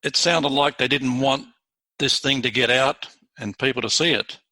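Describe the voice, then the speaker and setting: A man's voice: medium pitch, normal speed, sharp tone, no room sound, rough recording. A man hosting an interview and asking short, prompting questions. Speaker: podcast host.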